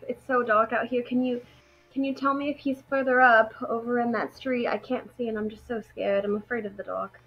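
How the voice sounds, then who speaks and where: A woman's voice: a little high, steady tone, a little fast, husky, dull audio, pitched above the performer's own voice. A woman voicing a ninja woman who poses as a frightened lady, pleading breathlessly for help in a tabletop game. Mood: scared. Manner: pleading, breathless, eager to please.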